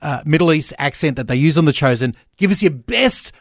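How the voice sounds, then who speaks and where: A man hosts a breakfast radio show in a slightly higher voice, rolling through upbeat promo patter. The studio sound is dry and close. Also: animated, brisk, creaky, no room sound. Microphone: studio mic.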